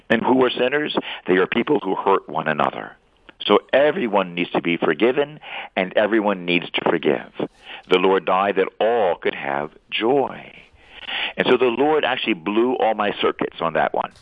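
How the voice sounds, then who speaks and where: A man, a priest, preaching earnestly on a radio talk show, animated with playful asides. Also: sits low, normal speed, no echo. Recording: tinny phone line, dry.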